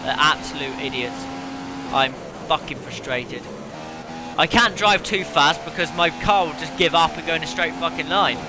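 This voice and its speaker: A man with a fairly high voice talks at a moderate pace while hosting a racing game video for his gaming channel, ranting and swearing in frustration. Racing car engine noise from the game sits behind his voice.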